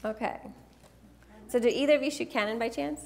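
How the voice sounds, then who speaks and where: A woman's voice: fairly high pitch, fairly quick, vocal fry, a little mellow. A woman presenting a live workshop, teasing and directing volunteers in front of an audience. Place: event room with an audience.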